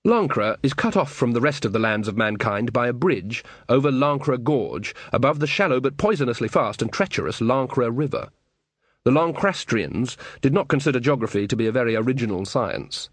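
A man narrating an audiobook in a measured, wry storytelling manner. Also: mid-range voice, lively intonation, no room sound. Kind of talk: scripted narration.

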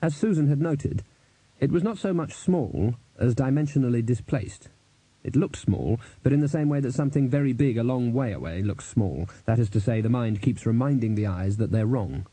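A man reading a novel aloud as a narrator, measured and wry, close to the mic. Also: medium pitch, lively intonation, dark tone, slightly rough, no echo. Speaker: audiobook narrator. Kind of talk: scripted narration.

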